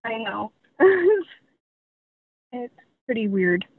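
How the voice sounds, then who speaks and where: A woman's voice: on the high side, big pitch swings, very slow. Young woman rambling over a tinny line. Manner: rambling, filler-heavy with many "like"s. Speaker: guest. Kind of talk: casual storytelling. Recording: tinny dry phone line.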